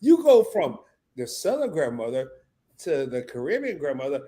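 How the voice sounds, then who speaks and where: A live stream host who jumps in with quick, excitable questions. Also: mid-range voice, husky. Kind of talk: casual live stream chat.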